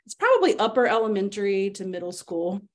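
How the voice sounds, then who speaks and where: A woman guest on a library podcast, summarizing a book in a steady, clear way. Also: mid-range voice, fast. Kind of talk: casual book talk.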